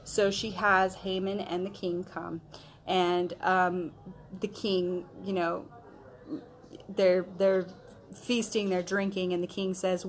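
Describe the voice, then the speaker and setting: Her voice low and fairly flat in pitch, a female Bible study teacher takes her time as she retells scripture like a casual story. She's chatty and slangy, using modern slang throughout and leaning heavily on fillers such as "um" and "okay."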